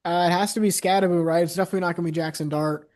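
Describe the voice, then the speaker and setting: Young man, co-host, flat delivery, slightly high voice, frequent fillers. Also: racing. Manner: steady, many "uh" and "you know" fillers. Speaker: podcast co-host. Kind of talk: casual sports chat.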